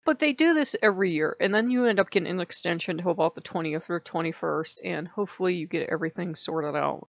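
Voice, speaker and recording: A spiritual vlogger chats casually and rambles, laughing often as she goes. She talks fast with a lowish, creaky voice and few pauses. The recording is dry, slightly muffled and lo-fi.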